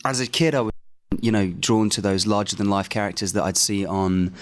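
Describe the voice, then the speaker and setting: A man's voice: on the low side, steady tone, fairly quick. A young man, an actor giving a press junket interview in a loose, rambling way full of fillers.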